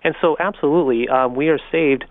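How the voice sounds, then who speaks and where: A man's voice: a little high, a little fast, no echo. A man, a pastor, earnestly explaining his faith on a radio talk show. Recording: tinny phone-like radio line.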